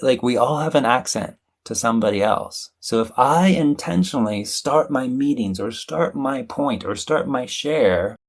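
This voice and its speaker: A man being interviewed as a communication coach, speaking in an animated, conversational way. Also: mid-range voice, creaky. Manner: animated, playfully acts out quoted voices.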